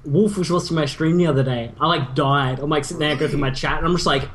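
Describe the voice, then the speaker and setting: A man's voice: a little high, fast talker. A man co-casting a game in a laid-back, self-deprecating, rambling way. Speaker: esports co-caster. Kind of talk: casual game commentary.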